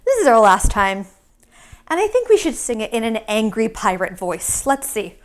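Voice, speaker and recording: A woman teaching a yoga class to young children, gentle and encouraging as she leads the poses. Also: a little high, animated, moderate pace.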